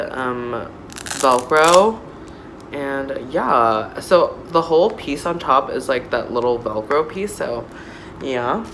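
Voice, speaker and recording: Slow, animated woman gushing over a doll. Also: very deep voice, background noise. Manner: gushing, excitable, chatty with lots of fillers. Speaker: doll unboxing vlogger. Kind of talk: casual unboxing chat. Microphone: phone camera.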